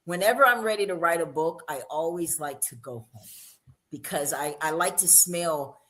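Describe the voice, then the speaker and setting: A woman from Alabama with a Southern accent, hosting a casual panel chat with lively, teasing, folksy talk. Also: deep voice, moderate pace. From Monroeville, Alabama. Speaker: show host.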